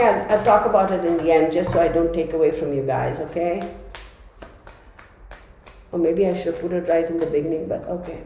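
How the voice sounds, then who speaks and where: A woman's voice: mid-range voice, darkish tone. A woman giving a casual, chatty tarot reading to her viewers, often laughing as she talks. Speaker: tarot reader. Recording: very echoey room.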